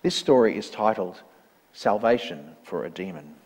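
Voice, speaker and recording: A man reading a parable aloud in a church service, in a measured, earnest storytelling manner. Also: fairly low pitch, expressive, darkish tone, a little hiss or hum. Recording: long church reverb.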